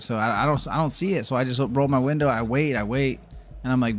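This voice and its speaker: A man's voice: medium pitch, fast talker, a little hiss or hum. A man streaming a football video game, chatting casually and telling a heated story with plenty of swearing. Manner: animated ranting storyteller, swears freely. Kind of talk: casual live-stream chat.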